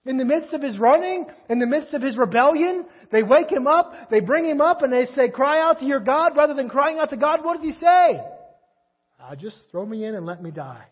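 A man's voice: very high voice, fairly quick, hardly any pauses, muffled recording. A man preaching a sermon in a conversational way, asking his listeners rhetorical questions. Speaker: pastor.

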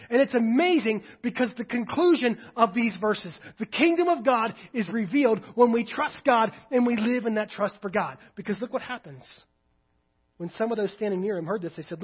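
A male pastor preaching a sermon, emphatic, swinging between loud declarations and hushed readings of Scripture. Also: high-pitched, expressive, normal speed, slightly rough, dull audio.

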